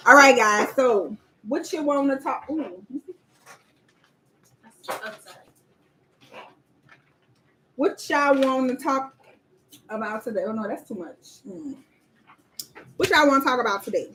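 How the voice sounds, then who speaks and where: A woman's voice: sits high, a bit bright. A woman hosting a casual livestream as a proposal coach, chatting straight to viewers and reading out their comments.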